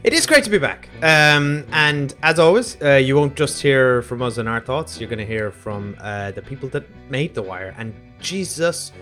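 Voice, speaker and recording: A man's voice: mid-range voice, moderate pace, hardly any pauses. Male podcast co-host, chatty and upbeat, faint music under. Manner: upbeat, chatty, filler-heavy. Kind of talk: casual podcast chat.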